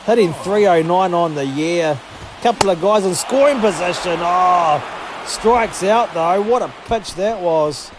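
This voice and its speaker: A high-voiced man calls the action of his video game like a broadcaster, swearing freely and getting worked up over every play. A steady hum of background noise sits under his voice. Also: measured pace. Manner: excitable, sweary, jokey. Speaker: gaming channel host.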